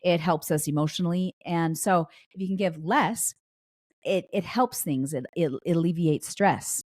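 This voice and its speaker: A woman with a notably low, deep voice tells a story, casual and chatty. She backtracks often, dropping fillers as she goes. The sound is dry and close, with no room around it. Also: moderate pace, darkish tone, no room sound. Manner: chatty, with frequent restarts and fillers. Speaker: podcast host.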